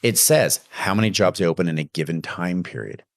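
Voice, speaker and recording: Deep-voiced man giving blunt sales advice. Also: a little fast, no echo, clean studio sound. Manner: emphatic, coaching, acts out sales pitches. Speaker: podcast host. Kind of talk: casual business advice monologue.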